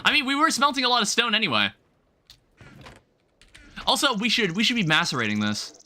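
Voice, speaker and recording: Brief: male streamer, high, bouncy voice, rambling casual chatter while gaming. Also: wildly swooping pitch, brisk, sharp tone. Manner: rambling, self-correcting, chatting with viewers; casual, swears lightly. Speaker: livestreamer. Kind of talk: casual gameplay commentary.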